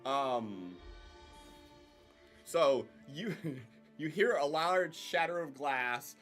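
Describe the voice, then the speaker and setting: A man's voice: on the high side, lively intonation, extremely slow, fairly bright tone, soft background music. A man narrating as game master of a tabletop game, hesitant and full of ums and uhs.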